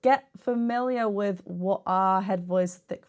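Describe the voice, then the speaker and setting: A woman's voice: medium pitch, slow pace. A young woman, a vocal coach, chatting enthusiastically while she reacts to and analyses a singer's technique.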